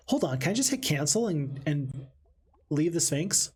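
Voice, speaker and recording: Male game streamer, slightly high husky voice, talkative, reads chat aloud, light background music. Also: normal speed. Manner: chatty, reads chat aloud, excitable outbursts. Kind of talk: live game commentary with chat.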